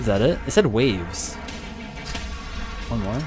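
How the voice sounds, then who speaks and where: A man talking through a game in a lively, swooping voice that leaps into high yelps when something surprises him. He sits close to his desk mic. Game music plays clearly underneath him. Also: slow pace. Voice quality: animated, jumps to high yelps when startled. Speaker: gaming streamer. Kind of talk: casual let's-play commentary.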